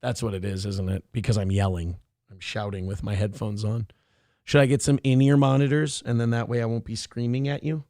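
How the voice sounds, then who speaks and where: A man's voice: on the low side, level tone, fairly quick, mellow, dry recording, clean studio sound. Rambling, profane male show host. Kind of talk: casual livestream chat. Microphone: headphones on, desk mic.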